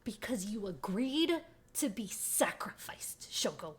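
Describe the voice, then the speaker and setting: A woman streaming a horror game, reading the dialogue aloud and reacting dramatically. She swings between hushed whispers and sudden yelps. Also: medium pitch, very animated, takes it slowly, slightly rough.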